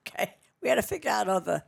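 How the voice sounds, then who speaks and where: A woman guest in casual chat, blunt and quick with short retorts. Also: medium pitch, very animated, vocal fry, slightly rough. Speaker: podcast guest.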